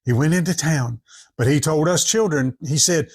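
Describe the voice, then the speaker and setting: High-voiced man telling a folksy tale. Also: moderate pace, husky. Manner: drawling rural dialect, acting out each character. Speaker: storyteller. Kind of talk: folksy spoken storytelling.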